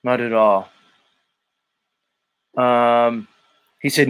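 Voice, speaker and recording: A man's voice: medium pitch, moderate pace, fairly bright tone. A man hosting a casual live stream, reading chat messages aloud and bluntly teasing viewers. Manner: blunt, teasing, swears freely. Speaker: live stream show host.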